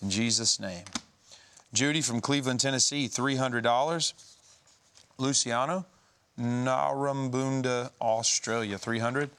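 A man's voice: mid-range voice, measured pace, fairly bright tone. Easygoing male telethon host. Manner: easygoing, joking asides between prayerful comments. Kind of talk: reading donor names with brief preaching asides.

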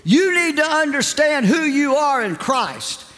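A preacher acting out a stern, fed-up pastor. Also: male voice, very animated, a little slow, fairly bright tone, long reverb tail, exaggerated voice. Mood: scolding. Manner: booming, commanding rebuke. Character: stern exasperated male pastor scolding.

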